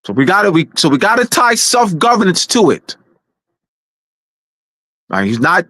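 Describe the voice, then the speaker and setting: A man with a high voice gives an emphatic talk, driving each point home again and again. He speaks slowly and deliberately, often restarting his sentences. The sound is dry, with no room echo. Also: big pitch swings, bright, forceful tone. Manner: insistent, repeats key points, frequent restarts. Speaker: presenter of a weekly talk show. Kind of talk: emphatic lecture-style talk.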